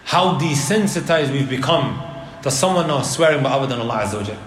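A man giving a religious lecture to a live audience, animated and asking the crowd rhetorical questions. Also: mid-range voice, fast talker, slight background noise. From Leicester, England. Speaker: Islamic preacher. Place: indoor hall with an audience. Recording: roomy lecture hall.

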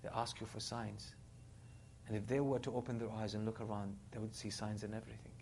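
A man giving a sermon, retelling a story with animated, dramatic quotes of the people in it. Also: fairly low pitch, brisk, creaky, a little hiss or hum. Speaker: Islamic preacher.

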